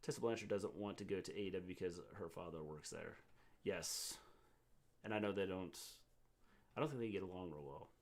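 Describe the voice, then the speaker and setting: A middle-aged man co-hosting a casual livestream recap, thinking aloud in halting, restarted sentences. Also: low-pitched. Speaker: co-host, wrestling recap.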